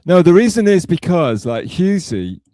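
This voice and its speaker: A man's voice: high-pitched, sing-song, normal speed, dark tone, no echo, clean studio sound. A man hosting a casual live stream chat, chatty and full of fillers, calling people darling. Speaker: streamer host.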